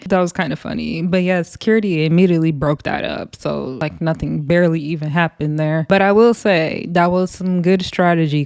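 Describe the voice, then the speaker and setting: A woman chatting casually as she recaps and reacts to a reality show. She laughs often and jumps into high exclamations. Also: no echo, clean studio sound.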